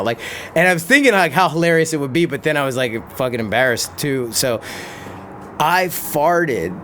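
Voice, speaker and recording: Laughing, animated male storyteller. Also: on the high side, normal speed, slight background noise. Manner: laughing, animated storytelling with crude language and many restarts. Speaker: podcast guest, pro BMX rider and stuntman. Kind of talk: casual storytelling.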